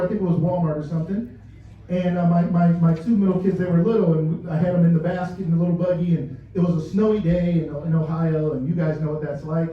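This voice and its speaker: Middle-aged man, company leader, storytelling talk to a room, high voice, heard from a distance in an echoey space. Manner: storytelling, addresses the audience directly, laughs at own stories. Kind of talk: motivational talk to a live audience. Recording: distant mic, dull and echoey room sound.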